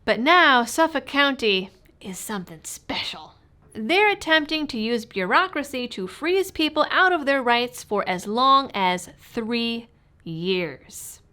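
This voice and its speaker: A woman's voice: fairly high pitch, lively intonation, slow, sharp tone. A woman hosting her own channel, giving sarcastic, mocking scripted commentary to camera. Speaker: political commentary host.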